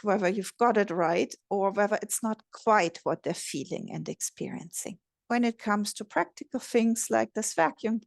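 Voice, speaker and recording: A woman relationship coach giving a gentle, measured instructional talk. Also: mid-range voice, gravelly, dry recording, clean studio sound. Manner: gentle, measured, modelling empathetic phrases.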